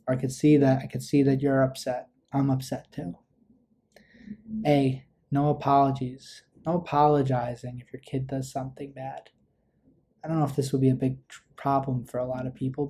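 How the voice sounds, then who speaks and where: A man leads a parenting workshop in a relaxed, conversational way. His voice is warm and dark, with a flat, even delivery that rarely rises, and he slips into short example lines a parent might say. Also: mid-range voice. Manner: conversational, acts out parent lines with small asides. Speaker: therapist teaching a parenting workshop. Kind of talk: relaxed instructional talk.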